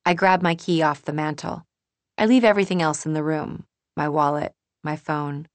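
A woman narrating a first-person audiobook in a calm, measured, introspective manner. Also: sits low, no room sound.

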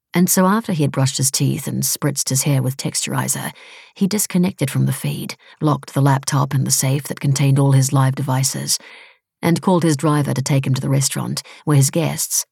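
A woman reading a novel aloud in steady, wry, measured audiobook narration. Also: rumbling low, gravelly, husky, no echo, clean studio sound.

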